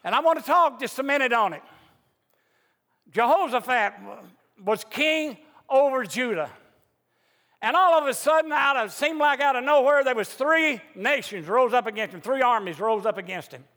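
A man's voice: very high voice, expressive, normal speed, sharp tone. A man preaching a sermon in a fervent, emphatic way, his voice rising into outbursts, in a church sanctuary. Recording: echoey church hall reverb.

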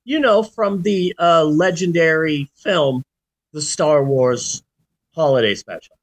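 A man in his forties hosting a podcast, chatting casually and telling stories in an animated way. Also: on the high side, slow. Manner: animated storyteller, does sound effects. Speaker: podcast host. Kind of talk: casual chat.

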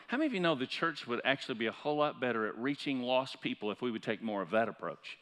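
A pastor preaching a sermon in a church, building up to loud, impassioned peaks. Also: male voice, medium pitch, expressive, fast talker, few pauses. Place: church sanctuary. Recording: church hall reverb.

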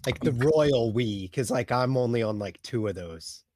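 A man's voice: medium pitch, animated, normal speed, a little mellow, no echo. Chatty male co-host, dry sound. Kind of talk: live-stream casual chat.

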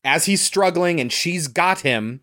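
A man's voice: fairly high pitch, measured pace. A man co-hosting a podcast, casually recapping a movie and sharing behind-the-scenes trivia. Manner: relaxed, chatty, shares trivia with fillers. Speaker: podcast co-host.

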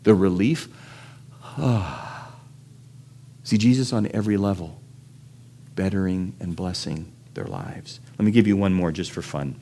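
Guy preaching, lowish voice, chatty and animated, keeps asking the crowd stuff. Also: moderate pace, a little hiss or hum. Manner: animated storytelling, acts out quoted voices with big pitch jumps; conversational, asks the audience questions. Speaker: pastor. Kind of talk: sermon.

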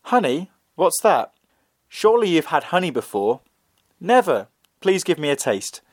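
A man's voice: a little high, very animated, a little slow, dry recording, clean studio sound, voice pushed up. A man voicing a clever young trickster girl with a sly, coy, lifted voice.

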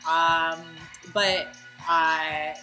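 A woman's voice: sits low, level tone, very slow, over loud music. A woman hosting a casual chat, blunt and profane, joking with her guests. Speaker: podcast host.

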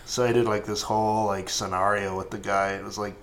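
A woman comedian in casual chat, telling animated stories with loud bursts and acted-out dialogue. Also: extremely low pitch, a little fast, a little hiss or hum.

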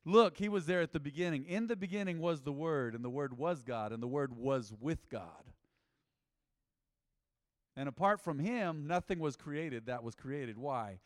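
A man's voice: mid-range voice, lively intonation, a little slow, dry recording, clean studio sound, long reverb tail. A man preaching a sermon as pastor, emphatic and repeating phrases, calling on the congregation to answer back.

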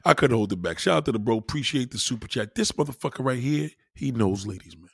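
A man's voice: medium pitch, expressive, quick pace, gravelly, breathy edge, dry recording, studio quality. A young man hosting a livestream, ranting bluntly and profanely in casual talk, often restarting his sentences. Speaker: livestream host.

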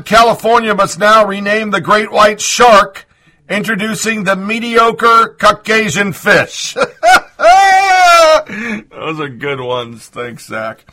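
Bright-voiced male commentary host. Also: high voice. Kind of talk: commentary show.

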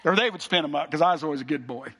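A man's voice: fairly high pitch, very fast, background noise. A middle-aged male pastor preaching a sermon with folksy storytelling and frequent restarts. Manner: folksy storytelling, repeats words.

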